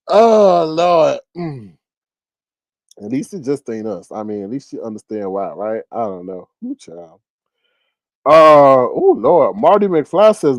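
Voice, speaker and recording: A man hosting a casual livestream commentary, animated and exclamatory, laughing often. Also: a little high, slow, pauses often, no echo, poor audio.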